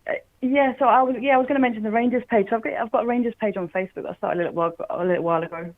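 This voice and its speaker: A woman's voice: fairly high pitch, very fast. A woman with an Essex English accent calling into a live show, chatting in a giggly, easygoing way. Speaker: caller. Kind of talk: casual phone-in chat. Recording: muffled phone line.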